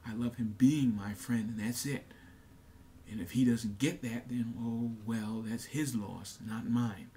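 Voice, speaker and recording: A man's voice: medium pitch, darkish tone, a little hiss or hum. A young man talking earnestly to his camera in a casual monologue, repeating himself with many fillers and restarts. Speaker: vlogger.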